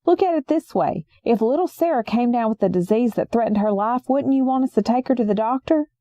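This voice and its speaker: A woman voicing a preachy, hot-tempered middle-aged male small-town sheriff who shouts and sermonizes. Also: on the high side, animated, a little fast, no room sound, natural voice. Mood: preachy lecturing.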